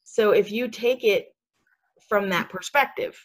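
In a laid-back podcast chat, a woman who speaks on spiritual topics talks in an unhurried, mid-range voice. She's chatty and sassy, with plenty of fillers and lots of laughter.

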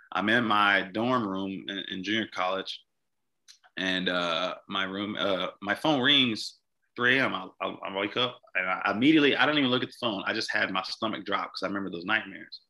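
A young man from Mississippi, a podcast guest telling a personal story in a halting way, often repeating words and restarting. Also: low voice, creaky, sharp tone.

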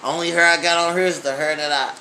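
Bright-voiced man telling stories. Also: fairly high pitch, fast talker, slight background noise, poor audio. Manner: animated storytelling, laughs a lot, profane. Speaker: podcast host. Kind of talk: casual chat.

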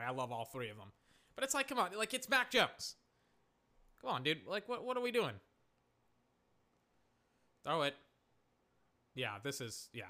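A young man giving excitable, rambling live reaction commentary on a football game, with exasperated asides. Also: on the high side.

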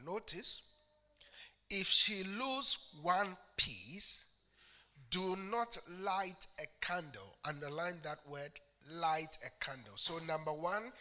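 A high, sharply bright male voice delivering a sermon at an unhurried pace. He poses questions to the congregation and moves between quiet, low asides and loud, ringing proclamations. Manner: preaching with call-and-response questions, swinging from hushed to shouting. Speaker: pastor.

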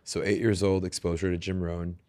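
Host guy with a really deep voice, chill, asking follow-up questions. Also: flat delivery, a little fast, a little mellow. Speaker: podcast host. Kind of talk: interview questions.

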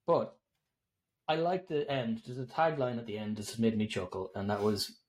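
A man's voice: mid-range voice, expressive. An Irish man co-hosting a film podcast, chatting casually, joking and chuckling. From Ireland. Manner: jokey, chuckling, quick agreement. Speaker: podcast co-host. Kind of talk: casual film review chat.

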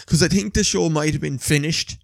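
A man with an Irish accent, chatting casually and telling animated stories, swearing freely. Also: fairly high pitch, a little fast, vocal fry, dry recording. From Ireland. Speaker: podcast co-host. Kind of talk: casual chat.

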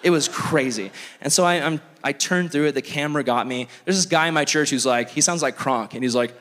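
A young man preaching as a youth pastor, telling stories in an animated, self-mocking way full of "like". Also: a little high, a little fast. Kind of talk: storytelling sermon. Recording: long reverb of a large hall.

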